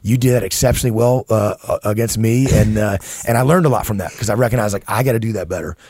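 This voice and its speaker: A man in his thirties talks things through on a podcast in an earnest, halting way, doubling back on his words as he thinks. His voice is husky and a little breathy. It sits close and dry on the mic. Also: fairly low pitch, a little mellow, no echo. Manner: earnest, many restarts and repeated words. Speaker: podcast co-host. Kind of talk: casual conversation.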